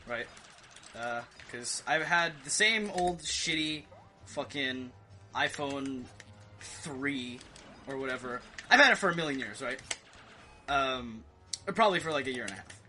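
A young man giving rambling, excitable commentary over a video game, swearing and yelping as he plays. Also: on the high side. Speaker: gaming video host. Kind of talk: rambling let's play commentary.

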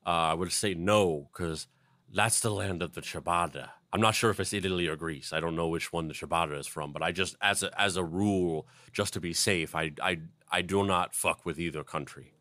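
Low-voiced man narrating history with jokes. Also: fairly even intonation, fairly quick, few pauses, bright, forceful tone, dry recording. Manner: playful, goes off on silly tangents. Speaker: podcast host and narrator. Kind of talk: comedic history podcast narration.

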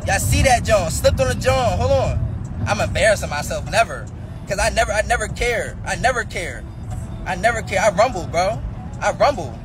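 A man's voice: sits high, lively intonation, moderate pace, noisy background. A young man in a heated casual rant, repeating himself and swearing, worked up after a fight. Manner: agitated, repetitive, swearing. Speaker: vlogger. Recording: loud music and crowd behind.

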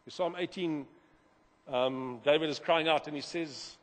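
Man preaching, husky voice, fairly high, long hall reverb, animated with sudden loud and soft turns. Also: fairly quick. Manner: animated, repeats words, swings from loud to quiet. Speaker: pastor. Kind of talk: sermon. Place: church hall.

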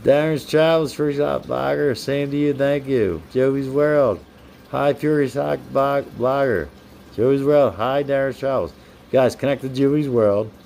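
A young man hosts a casual live stream, reading out viewer comments and names in a chatty, upbeat way. His voice is mellow and relaxed, sitting at an ordinary middle pitch. A faint noise hums underneath. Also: a little slow, gravelly. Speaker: livestream host.

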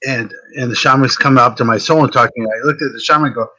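A man with a fairly deep voice, hosting a casual chat as a psychic medium and telling stories in an animated way, often repeating words as he starts a thought. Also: quick pace, low-quality recording.

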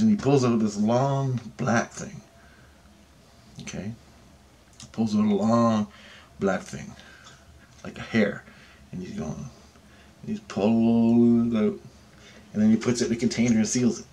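A man's voice: mid-range voice, darkish tone. A man casually recounting an experience in a rambling, profane way, acting out both sides of the conversation. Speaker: channel host.

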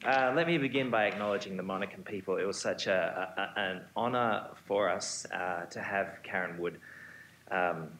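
A man, a museum curator, giving a prepared symposium talk on stage, measured with occasional ums and restarts. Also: low voice, a bit bright. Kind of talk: prepared lecture. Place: auditorium stage. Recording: echoey hall, faint hum.

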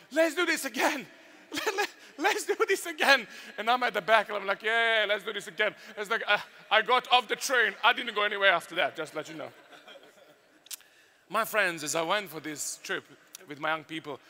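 A man with a Serbian accent telling stories and preaching at a youth workshop, animated and full of sound effects. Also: sits high. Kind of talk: storytelling youth workshop talk.

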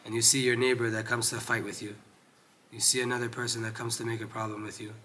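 A man giving a Torah lesson who reads Hebrew passages quickly and explains them in English with frequent restarts. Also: a little hiss or hum. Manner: grows loud and high when animated, drops low when lecturing. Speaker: Torah teacher.

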